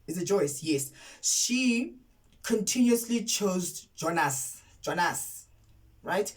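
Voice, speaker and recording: A woman's voice: lowish voice, slow, recorded from a distance, low-quality recording. A woman from South Africa giving a casual, emphatic spoken review of a TV series, often repeating words for effect. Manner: outraged and candid. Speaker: TV series reviewer, content creator.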